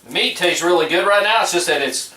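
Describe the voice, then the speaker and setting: Middle-aged man, bright voice, chatty backyard cooking vlog, roomy sound from a distance. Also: fairly high pitch, fast talker. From US Gulf Coast. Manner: laid-back, chatty, talks to viewers while cooking. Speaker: home cook vlogger. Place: outdoors at a backyard grill. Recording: roomy sound from a distance, faint background noise.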